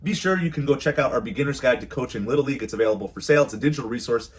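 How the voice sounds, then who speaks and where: A man's voice: medium pitch, rapid-fire, breathy edge. A man who is a youth baseball coach and parent, giving casual, earnest advice to camera and often repeating his phrases.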